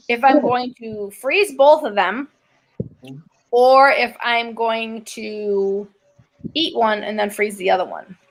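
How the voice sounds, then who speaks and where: A woman's voice: a little high, takes it slowly, poor audio. Chatty woman hosting a live cooking show. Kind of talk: casual live cooking chat.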